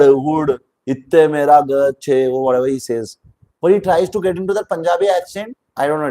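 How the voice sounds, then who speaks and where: A man's voice: a little high, a little mellow, poor audio. A man with an Indian English accent giving opinionated, chatty commentary on a reality show, slipping Hindi words into his talk. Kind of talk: casual video commentary.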